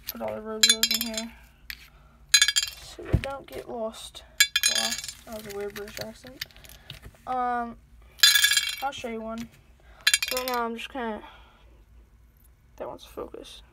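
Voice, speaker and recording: A woman's voice: fairly high pitch, very noisy. A woman giving a casual tour of her scale model workbench, rambling and hesitant with many fillers, recorded at home.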